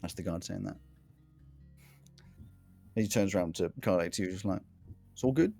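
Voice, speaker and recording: Laid-back male game master, lowish voice, dry close sound. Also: flat delivery, moderate pace, gravelly, dark tone, dry recording, soft background music. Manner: laid-back, chuckling often. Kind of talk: narrating a tabletop game.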